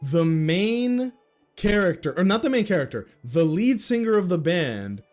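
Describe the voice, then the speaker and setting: A man's voice: sits high, sing-song, a little slow, darkish tone, faint music behind. Laid-back slangy male streamer. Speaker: livestreamer. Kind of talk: casual game stream reaction.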